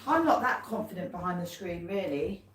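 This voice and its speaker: A woman's voice: on the low side, expressive, fairly quick, fairly bright tone. A cheerful woman chatting casually as co-host on a livestream, poking fun at herself. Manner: cheerful, self-mocking, laughs often. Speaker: co-host, host's wife. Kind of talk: casual live chat. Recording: echoey room, faint noise.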